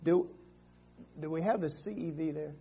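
A man's voice: on the high side, moderate pace, gravelly, dark tone, husky, highs cut off. A man preaching a sermon as pastor, calling out "Amen" and "come on" and often restarting his phrases. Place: church sanctuary.

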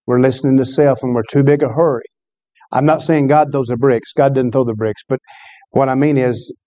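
A man's voice: medium pitch, mellow. A man preaching a sermon, telling a story in a conversational way and calling out to the congregation. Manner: storytelling preacher, conversational with call-and-response asides.

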